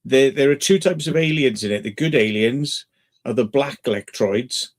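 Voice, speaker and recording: A man's voice: mid-range voice, normal speed. A man who hosts a channel, chatting casually and rambling through stories with plenty of fillers. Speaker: channel host. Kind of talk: casual chat.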